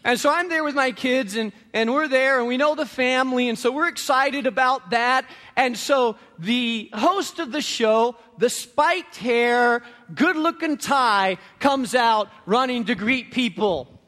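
High, bright-voiced preaching man. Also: a little slow. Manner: emphatic, repetitive preaching with storytelling. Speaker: pastor. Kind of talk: sermon. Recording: long reverb of a large room.

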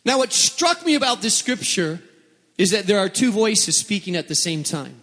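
A man's voice: high-pitched, big pitch swings, normal speed, a bit bright. A male pastor preaching a sermon to a congregation, dramatic and repeating phrases for emphasis. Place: church hall before a congregation. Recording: long hall reverb.

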